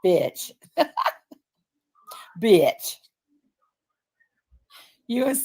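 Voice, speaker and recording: Gravelly, husky woman talking bluntly. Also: a little high, lively intonation, extremely slow, pauses often, darkish tone. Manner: blunt, mocking, swears freely. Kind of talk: casual livestream chat.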